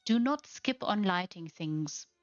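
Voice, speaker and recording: Slow, gushing woman touring game homes. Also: medium pitch, lively intonation, dry recording. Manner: gushing, affectionate, admiring. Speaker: game housing showcase host. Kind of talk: gameplay tour voice-over. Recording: slightly muffled, faint music behind.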